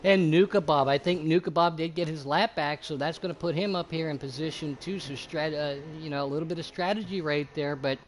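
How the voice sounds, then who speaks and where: Excitable male sim racing commentator. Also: fairly high pitch, fairly quick, hardly any pauses, slight background noise. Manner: excitable, loud bursts; casual, curses freely. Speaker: race commentator.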